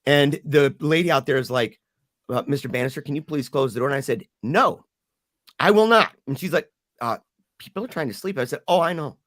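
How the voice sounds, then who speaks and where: Middle-aged man, guest storyteller, animated, does the voices, dry room. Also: mid-range voice, fast, no room sound. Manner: animated, acts out quoted voices. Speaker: podcast guest. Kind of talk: emotional storytelling.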